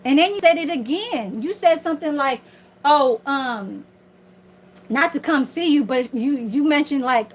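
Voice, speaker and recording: A woman's voice: high voice, animated, a little slow, low-quality recording. A woman ranting on her livestream from home in a casual, heated, profane and rambling way.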